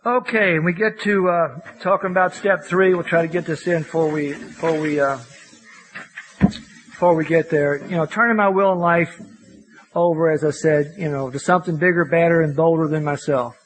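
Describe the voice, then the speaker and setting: A man's voice: fairly high pitch, steady tone, moderate pace, rough recording. Folksy older man telling his story. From Louisville, Kentucky. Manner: folksy storytelling, frequent "you know" and self-mocking laughs. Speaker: AA speaker. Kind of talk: recovery meeting talk.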